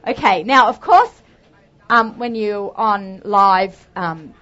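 A woman's voice: mid-range voice, lively intonation, slow, fairly bright tone, soft background music. An Australian woman hosting a live cooking demonstration, talking chattily and upbeat with lots of asides. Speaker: cooking show host. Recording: dull lo-fi sound.

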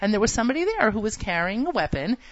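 A woman co-hosting a casual radio chat show, animated and jokey, laughing often. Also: medium pitch, rapid-fire, no room sound, dull audio. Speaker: co-host.

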